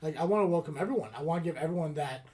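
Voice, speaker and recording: A man's voice: on the high side, rapid-fire, a little mellow. A man hosting a podcast, talking in a loose, rambling way with many fillers and restarts. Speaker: podcast host. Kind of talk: casual chat.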